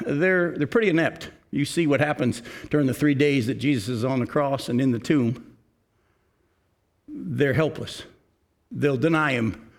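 A male pastor preaching a sermon in a conversational way, asking his listeners questions. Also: on the high side.

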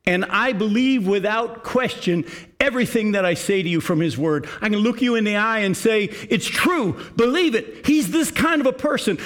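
An older pastor delivers a sermon, first reading scripture slowly and with emphasis, then speaking to the congregation in an earnest, conversational way. His voice sits high and is a bit bright.

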